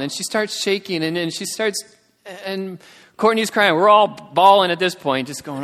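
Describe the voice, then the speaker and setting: A man preaching in storytelling mode, his voice a touch higher than most men's. He acts out the people he quotes with rising emotion, and a long hall reverb trails behind his words. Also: lively intonation, normal speed, a bit bright. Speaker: missionary speaker. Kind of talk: sermon storytelling.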